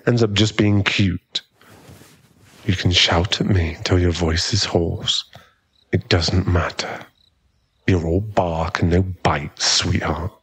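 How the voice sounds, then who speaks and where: A cocky young bully played by a man needles and mocks in a whispered role-play, his voice husky and gravelly. He drawls slowly in a lowish register. The sound is close and dry. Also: fairly even intonation, fairly bright tone, no room sound, heavily acted. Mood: teasing. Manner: smug, mocking, drawling. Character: cocky teasing male bully, young adult. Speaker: ASMR roleplay performer.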